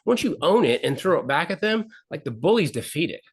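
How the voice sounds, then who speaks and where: A man's voice: fairly high pitch, sing-song, fairly quick, husky. A middle-aged man, a guest on a talk show, telling a personal story in an earnest way and acting out the people he quotes. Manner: earnest, repeats phrases, acts out quotes. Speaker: podcast guest. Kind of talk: candid storytelling interview.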